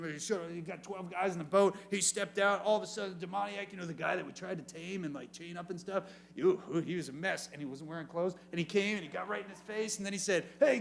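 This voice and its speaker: A man with a higher-than-usual voice delivers a youth sermon as animated storytelling. He jumps into comic voices and throws questions out to the room. He sounds like a youth pastor speaking to teenagers. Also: gravelly.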